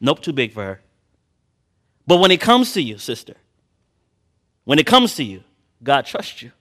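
Bright-voiced preacher man, loud then hushed. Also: medium pitch, sing-song. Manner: swings from loud emphatic preaching to quiet personal asides; slow drawn-out Bible reading. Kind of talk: sermon.

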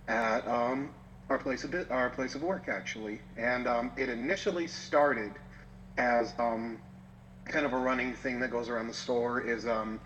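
A man's voice: mid-range voice, a bit bright, highs cut off, a little hiss or hum. Guest, man, medium voice, loose storyteller, self-correcting. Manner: rambling, self-correcting, playful. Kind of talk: casual chat.

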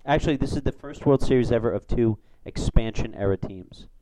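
A man hosting a casual sports podcast, rambling through stats and getting excited over big plays. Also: mid-range voice, fairly quick, dry recording, low-quality recording. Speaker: podcast host.

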